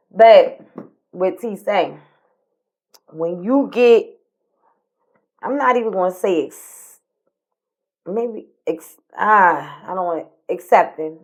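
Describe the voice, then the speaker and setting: A woman, co-hosting a podcast, telling a personal story in casual talk, by turns animated and tearful, dropping to near-whispers. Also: medium pitch, a little slow, pauses often, lo-fi sound. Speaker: podcast co-host.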